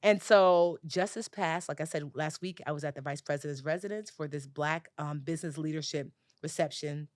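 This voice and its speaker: A woman being interviewed as a personal finance expert, telling lively stories in casual chat with lots of fillers. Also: deep voice, normal speed, hardly any pauses, no echo, studio quality. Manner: animated, lively storyteller with many "like"s.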